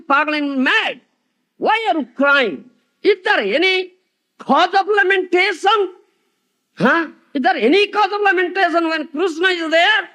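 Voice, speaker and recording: A man's voice: very high voice, sharp tone, voice pushed up, exaggerated voice. A man voicing a stern male sage who scolds grieving women and repeats his insults, within a scripture lecture.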